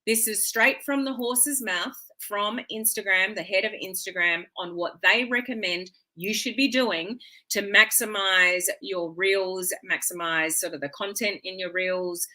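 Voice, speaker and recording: Talking to her viewers as if into a webcam, this middle-aged woman runs a live social media stream in an unhurried, casual way. Her voice is bright, clear, and medium in pitch, and she's warm and chatty, greeting people by name and asking a friendly "okay?".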